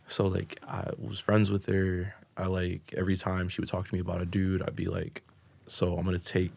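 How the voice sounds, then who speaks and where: Low gravelly husky-voiced man. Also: a little mellow. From United States. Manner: rambling, filler-heavy with constant "like" and "um". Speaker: podcast guest. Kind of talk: casual storytelling.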